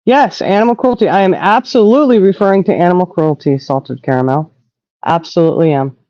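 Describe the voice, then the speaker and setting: A woman hosting a casual live-stream talk show, indignant and animated, swearing freely. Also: lowish voice, a little fast, no echo, lo-fi sound. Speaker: host.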